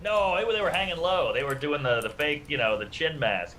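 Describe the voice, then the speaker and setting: A stand-up comedian from New Orleans trading road stories in podcast banter, telling them in an animated, profane way. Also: male voice, fairly high pitch, brisk, slight background noise, low-quality recording.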